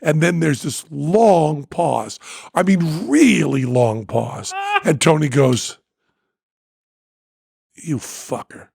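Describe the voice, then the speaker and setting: A man hosting a podcast, telling a story in casual chat, excitable and breaking into loud laughter and shouts. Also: fairly high pitch, slow, creaky, breathy edge, no echo, clean studio sound. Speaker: podcast host.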